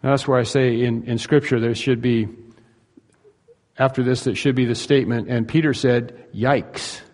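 A man's voice: mid-range voice, fairly even intonation, normal speed, a little mellow, long reverb tail. A male pastor preaching a sermon in an earnest, emphatic way, asking his listeners rhetorical questions.

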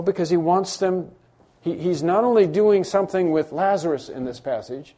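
Emphatic man preaching, mellow voice. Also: sits high. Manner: emphatic, repeats key phrases, acts out imagined dialogue. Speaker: pastor. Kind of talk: sermon. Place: church room with congregation.

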